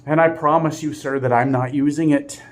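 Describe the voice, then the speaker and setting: A man's voice: fairly high pitch, steady tone, moderate pace, close to an everyday voice. A man voicing a panicky young male bus passenger who nervously pleads and repeats himself. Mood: pleading, frantic.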